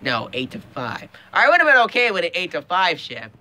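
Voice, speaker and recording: A man's voice: high-pitched, huge pitch swings, moderate pace, sharp tone. A young man ranting profanely and emphatically in a casual vlog, often stopping to restart a thought. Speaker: vlogger.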